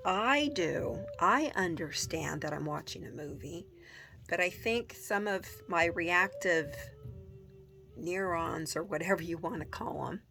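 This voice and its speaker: Slow, rambling woman vlogger. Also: fairly low pitch, creaky. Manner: rambling, many ums, soft whispered asides. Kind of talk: casual talk to camera.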